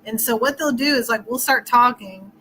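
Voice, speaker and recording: A woman's voice: fairly high pitch, normal speed, bright, forceful tone, a little hiss or hum, rough recording. A middle-aged woman relationship coach talking casually in an interview, explaining with everyday scenarios and laughing often.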